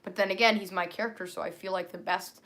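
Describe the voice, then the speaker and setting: A woman's voice: medium pitch, fairly even intonation, fast talker, a bit bright. Rambling young woman on a livestream. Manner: rambling, full of fillers and restarts. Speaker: livestreamer and character creator. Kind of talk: casual livestream chat.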